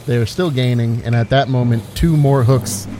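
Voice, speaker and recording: A man's voice: mid-range voice, moderate pace, loud music behind the voice. A man running a tabletop game as game master, describing the action in an easygoing way.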